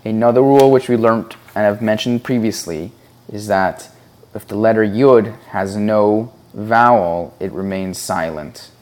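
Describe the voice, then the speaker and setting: Low-voiced guy teaching hebrew reading, real slow and patient, sounds out each syllable. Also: darkish tone. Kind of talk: slow, deliberate instructional explanation.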